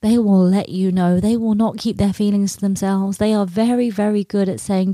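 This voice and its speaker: A woman's voice: medium pitch, steady tone, moderate pace, few pauses, warm tone, no room sound. A woman comedian telling tour stories in a chatty, self-deprecating way with casual swearing. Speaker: touring stand-up comedian. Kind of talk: casual storytelling to camera.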